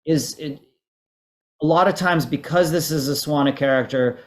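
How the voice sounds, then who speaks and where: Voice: mid-range voice, normal speed. A voice performer on a panel, earnest and giving advice to other performers. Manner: earnest, advising. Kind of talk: panel discussion.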